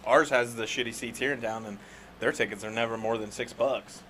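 A man's voice: mid-range voice, steady tone, a little fast, bright, forceful tone, slight background noise. A man co-hosting a podcast in a laid-back way, laughing and saying "like" a lot. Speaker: podcast co-host. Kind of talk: casual chat.

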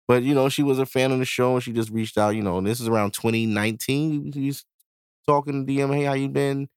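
A man's voice: mid-range voice, a little fast, clean tone, no echo, studio quality. A young man hosting a podcast, giving blunt, profanity-laced advice in a casual monologue. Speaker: podcast host.

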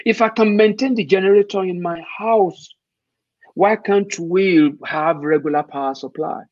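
A man's voice: sits high, moderate pace, no room sound. A man from Nigeria, speaking emphatically as an interview guest and posing rhetorical questions. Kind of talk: conversational interview. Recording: dull, muffled dry sound.

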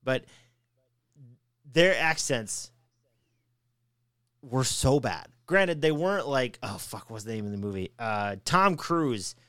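A man's voice: mid-range voice, slow, long pauses, clear, resonant tone, no echo, studio quality. A man co-hosting a podcast, ranting with lots of swearing in casual chat. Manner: profane, ranting, animated. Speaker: podcast co-host.

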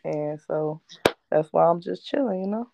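A woman's voice: low-pitched, moderate pace, creaky, background noise. A woman in her thirties, a guest on a podcast, talking in a laid-back, reflective way. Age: 30s. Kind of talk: casual chat. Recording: dull lo-fi sound.

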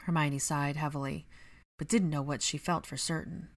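A woman narrating a story in a gentle, even storytelling manner. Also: low-pitched, moderate pace, no room sound. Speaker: reader. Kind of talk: audiobook narration of fan fiction.

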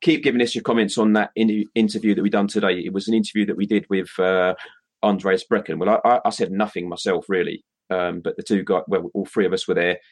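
A man's voice: low voice, fairly even intonation, fast, breathy edge. A British man co-hosting a casual live stream, reading viewer comments with many hesitations. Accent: British English. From Britain. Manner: hesitant, lots of ums and restarts. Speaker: co-host of a crypto live stream.

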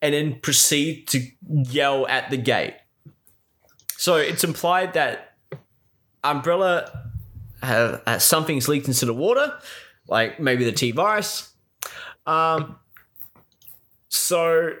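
Man, slightly high voice, exasperated, profane, casual movie rant, filler-heavy. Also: animated, slow, long pauses, fairly bright tone.

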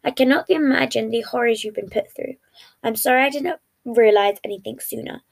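A formal, exact young man speaks with careful, measured wording, read by a woman. The voice sits a little high with a gravelly fry. It comes from a fan fiction reading. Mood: gentle. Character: formal, precise young man comforting a friend.

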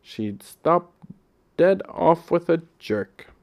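A man's voice: a little high, very animated, extremely slow, gravelly, a little mellow, pitched above the performer's own voice, heavily acted. A man reading aloud, voicing a kindly, chatty railway porter who explains things in folksy, ungrammatical speech.

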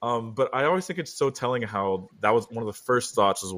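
A man in his thirties, a podcast guest telling a personal story in a casual, animated way. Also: fairly quick, no room sound. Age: 30s. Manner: animated storyteller, acts out quotes with big pitch jumps. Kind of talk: casual conversation.

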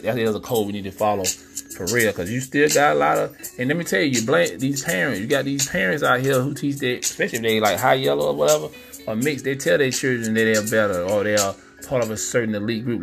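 A man's voice: fairly low pitch, gravelly. A middle-aged man hosting a podcast, talking casually and preachily, often asking "you know what I'm saying". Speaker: podcast host. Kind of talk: casual monologue.

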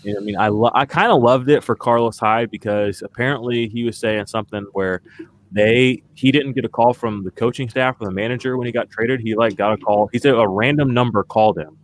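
A man's voice: medium pitch, fairly quick, slight background noise. A man co-hosting a podcast, chatting casually and ranting with exasperation, full of fillers. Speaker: podcast co-host. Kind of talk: casual sports podcast chat.

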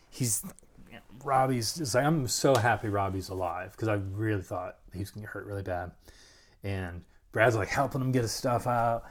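Rambling, animated man with a lowish voice. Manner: rambling, animated, full of "like" and restarts; acts out other people's lines. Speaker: interview guest. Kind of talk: casual storytelling.

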